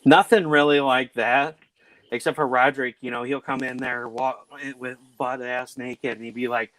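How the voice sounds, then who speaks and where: A man's voice: mid-range voice, moderate pace, no echo. A man hosting a casual chat, telling family stories and acting out the quotes. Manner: animated storyteller who acts out quotes. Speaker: host.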